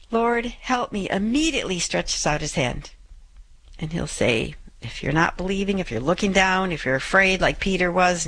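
A middle-aged woman with a voice of ordinary pitch hosts a call-in prayer show. She gives an earnest reflection on a gospel reading, returning again and again to key scripture lines to drive them home. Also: a bit bright, low-quality recording.

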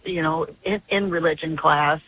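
A woman's voice: low-pitched, steady tone, normal speed, a bit bright, a little hiss or hum, low-quality recording. An older woman calling in to a radio show by phone, telling a long story in an earnest, rambling way. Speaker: caller.

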